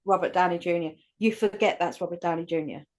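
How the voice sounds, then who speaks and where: A woman's voice: lowish voice, fast, a little mellow. A woman co-hosting a casual podcast chat, opinionated and sweary. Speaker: podcast co-host.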